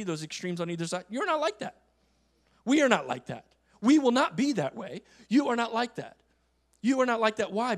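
A male pastor delivering a sermon, emphatic, repeating phrases and swinging between loud passages and quiet asides. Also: high-pitched. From United States.

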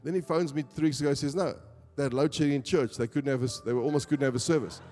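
A man's voice: medium pitch, fairly even intonation, rapid-fire, a little mellow. A man with a South African accent, preaching a sermon to a church congregation and building to emphatic calls for agreement. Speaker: pastor. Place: church hall. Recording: long church hall reverb with faint music.

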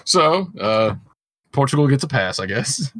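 A man co-hosting a casual podcast chat, laughing often and pausing with fillers. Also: mid-range voice, sing-song, fairly bright tone, dry recording. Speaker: podcast co-host.

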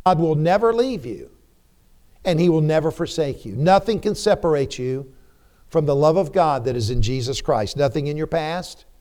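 Slow, emphatic preacher man. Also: a little high, a little mellow. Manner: emphatic, repetitive rhetorical questions, rising and falling intensity. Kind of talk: sermon. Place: church sanctuary.

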